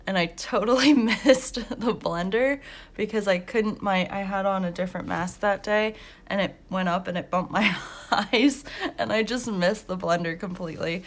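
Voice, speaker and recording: A woman's voice: medium pitch, normal speed. A young woman hosting a coloring channel, chatting casually and telling work stories with lots of laughs and fillers. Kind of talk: casual chat while coloring.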